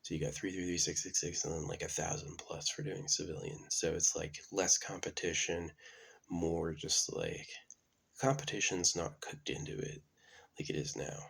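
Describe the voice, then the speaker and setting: A man with a deep, gravelly voice who drifts from thought to thought, full of ums and half-started sentences. His tone is husky and rough at the edges. He sounds like someone thinking out loud on his own channel. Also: moderate pace. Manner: meandering, many fillers and restarts. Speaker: channel host. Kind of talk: casual rambling monologue.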